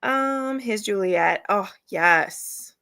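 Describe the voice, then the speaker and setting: A woman's voice: mid-range voice, animated, very slow, gravelly, bright, forceful tone, clean tone, dry recording. A woman hosting a live reading stream, chatting casually and laughing often as she gushes about books. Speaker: readathon host.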